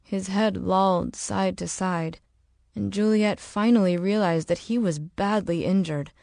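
A woman reading an audiobook in slow, measured, dramatic narration. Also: mid-range voice, creaky, darkish tone, dry recording, studio quality. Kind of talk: scripted narration.

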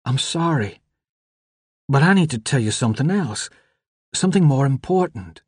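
A man reading an audiobook, voicing a frail, shivering young woman with a small, quiet voice. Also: mid-range voice, lively intonation, normal speed, slightly rough, no room sound, studio quality, voice pushed up. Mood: pleading. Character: weak, frightened, cold young woman.

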